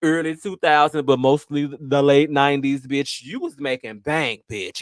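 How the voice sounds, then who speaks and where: A man's voice: mid-range voice, fairly even intonation, moderate pace, few pauses, dry recording, clean studio sound. A man hosting his show, telling a story in a brash, profane, sassy way. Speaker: host. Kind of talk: casual storytelling.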